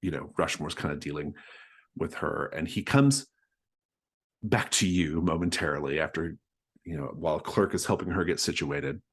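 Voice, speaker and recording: A male game master narrating a tabletop game in a very low voice. He talks casually and loosely, rambling and hesitating as he describes scenes. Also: moderate pace, slightly rough.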